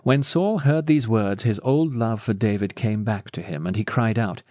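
A man's voice: on the low side, dry recording. A man reading a Bible story, dry. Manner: steady, measured reading. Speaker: narrator. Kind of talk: scripted Bible story narration.

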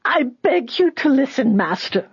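A narrator puts on a shrill old village woman on her knees, begging in a screeching voice pitched far above the reading voice. Her pleas come slow and drawn out. The recording is dry and a little dull. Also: no room sound. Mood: desperate pleading. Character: desperate old village woman, kneeling supplicant.

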